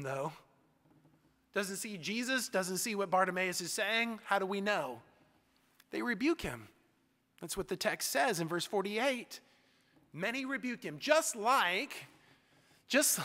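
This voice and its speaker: Bright, high-voiced preaching man. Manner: emphatic preaching with repeated, building phrases. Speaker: pastor. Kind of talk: sermon. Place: church sanctuary. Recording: echoey church sanctuary.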